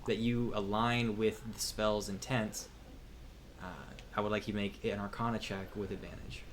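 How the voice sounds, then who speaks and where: Man, game master, tabletop game narration, calm, measured, low voice, faint background hiss.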